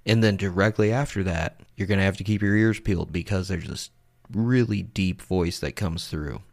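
A young man talks casually over his own recordings, blunt and a bit profane, laughing at himself. His voice sits very low with a gravelly fry running through it. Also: normal speed, darkish tone. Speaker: paranormal vlog host.

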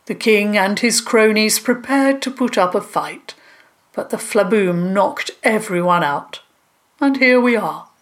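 A wise and modest forest monster speaks gently and with some hesitation, voiced by a woman. The delivery is slow and unhurried. It suits a children's storybook. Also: medium pitch, animated, lightly acted. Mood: gentle.

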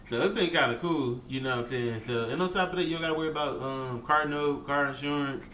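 A man's voice: mid-range voice, quick pace, sharp tone, echoey room, slight background noise, poor audio. A young man co-hosting a podcast, chatting casually with slangy, laughing banter. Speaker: podcast co-host.

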